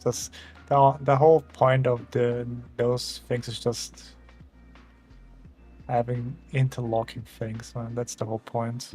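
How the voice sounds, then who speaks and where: A man's voice: mid-range voice, little pitch movement, slow, a little mellow, soft background music. A young Austrian man with an Austrian German accent, chatting casually with viewers while he draws on a stream, rambling and chuckling as he reads out chat. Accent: German-speaking Austrian. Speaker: art streamer.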